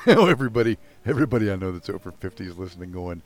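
A man's voice: low voice, animated, brisk. Older man ranting profanely. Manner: profane, ranting, self-mocking. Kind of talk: casual podcast chat.

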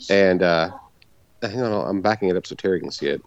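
A man's voice: deep voice, a little fast, no room sound, highs cut off. A man co-hosting a podcast in casual chat, laughing and swearing freely. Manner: lively, swearing, laughing often. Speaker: podcast co-host.

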